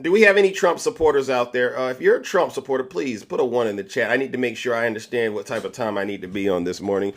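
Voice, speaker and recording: A man's voice: mid-range voice, quick pace, hardly any pauses. A man hosting a political commentary livestream, boastful and showy, with catchphrases. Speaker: livestream host.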